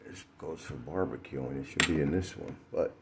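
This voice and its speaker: Man, very low voice, joking co-host, casual and profane. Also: normal speed, heavy background noise. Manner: wisecracking, swears casually. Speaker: co-host, partner. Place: home kitchen.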